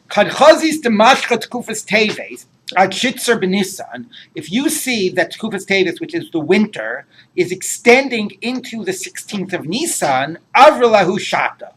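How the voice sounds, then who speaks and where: Rabbi explaining Talmud to a class. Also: male voice, high voice, fairly bright tone, slight background noise. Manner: explains Aramaic text, translating line by line, digresses into jokes.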